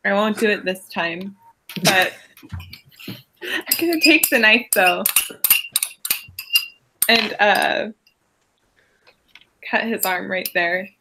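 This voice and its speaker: A young woman speaking earnestly and deliberately as a player in a tabletop game. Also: mid-range voice, noisy background. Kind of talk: tabletop role-play.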